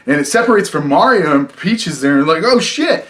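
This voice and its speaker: A man's voice: a little high, animated, fast, a bit bright. A young man reviewing a film in a casual vlog, rambling with lots of fillers and frequent swearing. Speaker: movie reviewer.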